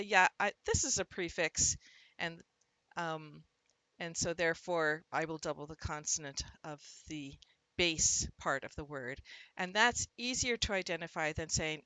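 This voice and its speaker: A woman teaching fellow teachers about word stress, showing it by punching out syllables and calling the examples out loudly. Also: lowish voice, no room sound, poor audio. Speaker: literacy teacher. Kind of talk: instructional talk to teachers.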